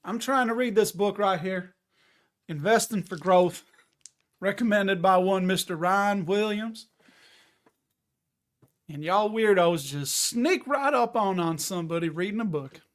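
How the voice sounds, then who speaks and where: Man doing grouchy Southern guy, drawling, gruff, high-pitched. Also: unhurried, long pauses. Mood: grumpy. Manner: gruff, mock-annoyed drawl. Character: grumpy middle-aged Southern man reading.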